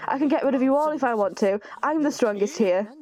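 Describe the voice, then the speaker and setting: A woman's voice: a little high, animated, fast talker, darkish tone, natural voice. A woman reading game dialogue aloud for a volatile, bratty young man who boasts and taunts. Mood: boastful. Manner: reads game dialogue aloud with light acting.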